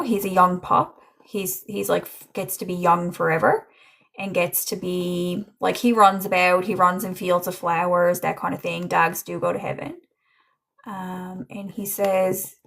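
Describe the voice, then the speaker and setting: A young woman giving a casual livestream psychic reading, chatty and gentle as she relays messages. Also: lowish voice, creaky. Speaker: psychic medium.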